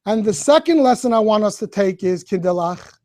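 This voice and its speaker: A middle-aged man, a rabbi, telling an animated story directly to a group of schoolchildren. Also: high voice, fairly quick, no room sound. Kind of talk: storytelling talk.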